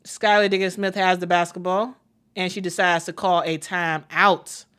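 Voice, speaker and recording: A woman calling a live basketball game for her stream, chatty and excitable, talking straight to her viewers. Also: lowish voice, moderate pace, smooth. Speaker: play-by-play commentator. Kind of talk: casual live play-by-play stream.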